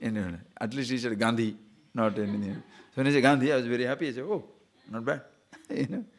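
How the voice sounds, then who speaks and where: A man, a spiritual teacher, giving an animated lecture on scripture and acting out little scenes of quoted speech. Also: medium pitch, brisk. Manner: animated, acts out quoted speech, chuckles at own stories.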